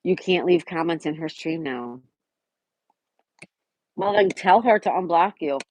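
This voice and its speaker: A woman hosting a casual live stream, chatting and answering viewers by name, sometimes dropping to a soft whisper. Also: lowish voice, animated, unhurried, dry recording.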